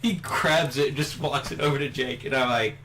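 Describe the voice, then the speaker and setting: A man's voice: medium pitch, fairly quick. A young man casually telling a funny story during a gameplay session, laughing as he talks. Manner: laughs through his story, animated. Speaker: gaming commentator.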